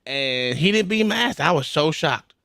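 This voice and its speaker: Lively, dry-sounding talk-show man. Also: fairly high pitch, normal speed, vocal fry, no room sound. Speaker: podcast co-host. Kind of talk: casual chat.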